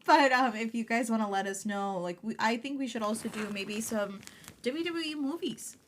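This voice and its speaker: A woman's voice: a little high, normal speed, slight background noise. Joking woman podcast co-host. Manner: playful, joking, with stammered restarts. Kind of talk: casual chat.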